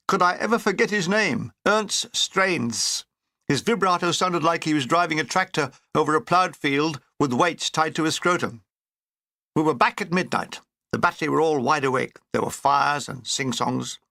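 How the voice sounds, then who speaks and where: A man's voice: on the high side, gravelly, bright, forceful tone, no echo. A man reading a wartime memoir aloud in a dry, wry comic manner. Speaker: narrator.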